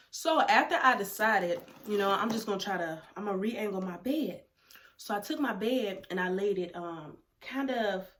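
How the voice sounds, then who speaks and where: A young adult woman vlogger telling a personal story in a casual, animated way, talking straight to her viewers and dropping to a hush for asides. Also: medium pitch. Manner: animated, talks straight to viewers, drops to hushed whispers for asides.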